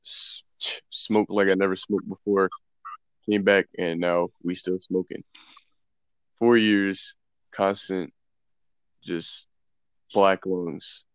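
Low-voiced young man telling stories, swearing. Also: slow pace, long pauses, clean tone, no echo. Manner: loose, profane, animated retelling with quoted dialogue. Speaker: podcast co-host. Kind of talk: casual storytelling among friends. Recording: dull, dry lo-fi sound.

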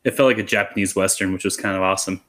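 A man's voice: low-pitched, steady tone, very fast, a bit bright. A man on a film-review podcast who rambles in a laid-back way, with lots of fillers. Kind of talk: casual film-review chat.

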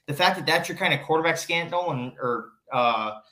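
A man's voice: fairly high pitch, animated, normal speed, sharp tone. A man co-hosting a podcast in casual chat, agreeable and a bit rambling. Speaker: podcast co-host. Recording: echoey room.

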